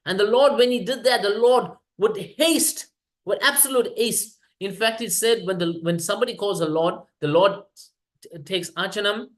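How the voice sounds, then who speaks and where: A man giving a scripture class at a temple, animated, citing verses and checking in with the listeners. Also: sits high, moderate pace.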